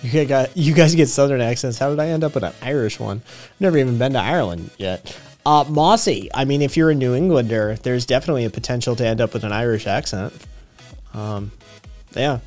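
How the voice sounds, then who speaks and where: A man's voice: medium pitch, fairly quick, darkish tone, soft background music. A man with a slight Tennessee accent, rambling casually on a live stream, swearing freely and laughing often. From Vermont and Tennessee.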